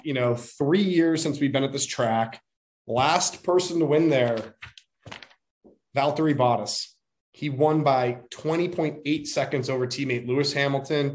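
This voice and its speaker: A man co-hosting a casual sports podcast, upbeat as he runs a quiz segment. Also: mid-range voice. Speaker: podcast co-host.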